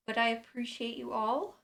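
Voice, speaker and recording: A woman in her late twenties chatting casually on a live stream at home into a boom microphone, relaxed and full of ums. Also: gravelly. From United States. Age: late 20s.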